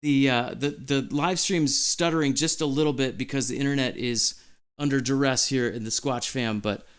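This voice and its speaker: A man hosting a live stream, giddy and out of breath, reading chat messages aloud in an excited chat. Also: mid-range voice, normal speed, clean tone.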